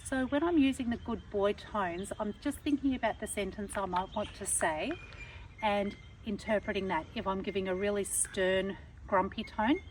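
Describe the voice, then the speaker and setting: A woman's voice: medium pitch, moderate pace. Woman dog trainer explaining commands outside, kinda far off mic, light background noise. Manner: patient, demonstrates tones of voice as she explains. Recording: somewhat distant mic, faint background noise.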